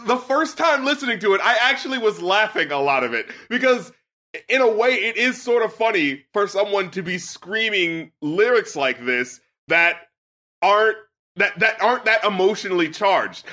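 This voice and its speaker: A man hosting a podcast, reviewing music in casual, animated talk, laughing often and swearing freely. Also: high-pitched. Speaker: podcast host, music critic.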